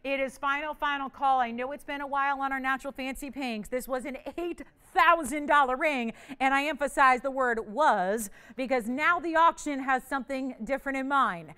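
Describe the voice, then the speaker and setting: A woman's voice: high voice, moderate pace, hardly any pauses, pushed and bright. A woman hosting a live jewelry shopping auction, bubbly and chatty, teasing her crew as she calls out the bids.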